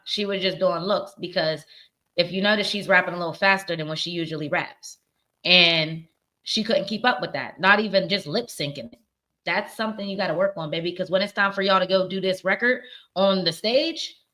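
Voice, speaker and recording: A woman hosting a casual pop culture show, speaking with a slightly low pitch and a bright, forceful tone. She talks candidly and curses freely, and her accent mixes Virginia with the northern US. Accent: mixed Virginia and northern US. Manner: candid, opinionated, cursing freely. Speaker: podcast host.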